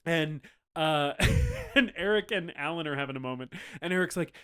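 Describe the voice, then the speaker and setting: A man's voice: on the high side, wildly swooping pitch, normal speed, a bit bright, clean tone. A man co-hosting a podcast, chatting casually about a movie, laughing often and acting out characters' lines. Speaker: podcast co-host. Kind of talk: casual movie review chat.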